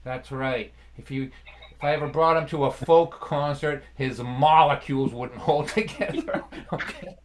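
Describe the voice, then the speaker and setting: A man's voice: fairly high pitch, moderate pace, a little hiss or hum. A middle-aged man from the Boston area telling a chatty story between folk songs on a live stream, laughing often. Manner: chatty, laughs often, does voices for family.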